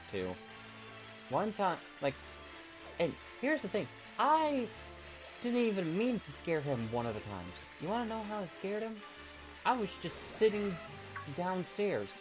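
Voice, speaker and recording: A young man with a slightly high voice chats casually on a live stream, telling rambling stories playfully and chuckling between them. Background music plays, and the audio is poor.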